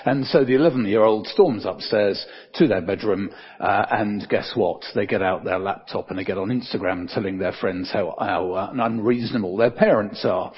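An older man preaching a sermon in a conversational way, with many fillers and soft dips for emphasis. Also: fairly low pitch, normal speed, few pauses, slightly rough, dull audio.

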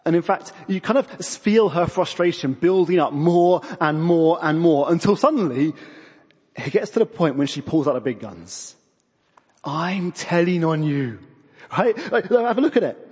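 A man's voice: fairly high pitch, animated, normal speed, a little mellow, breathy edge. A man, preaching a sermon in a conversational, self-deprecating way. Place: church. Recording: long reverb of a church hall.

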